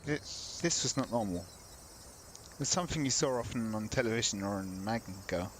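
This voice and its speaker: A man's voice: on the low side, animated, normal speed, slight background noise, rough recording. A man reading a visual novel's narration aloud during a let's play, breaking off into wry, casual comments. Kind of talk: reading game text aloud with casual asides.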